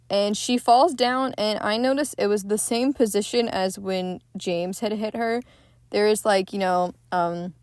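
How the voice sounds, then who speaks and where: A woman's voice: mid-range voice, no room sound. Young woman swearing through a film recap. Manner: profane, candid and excitable retelling. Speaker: podcast host.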